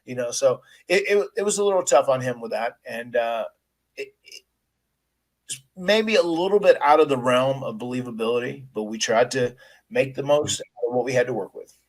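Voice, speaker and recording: A man's voice: mid-range voice, normal speed, poor audio. A man answering interview questions, telling a personal story earnestly, with frequent restarts and quoted dialogue. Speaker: wrestler telling his story.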